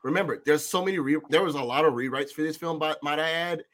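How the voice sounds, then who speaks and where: A man co-hosting a casual movie review podcast, ranting loudly with profanity and frequent laughter. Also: fairly high pitch, fast. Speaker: podcast co-host.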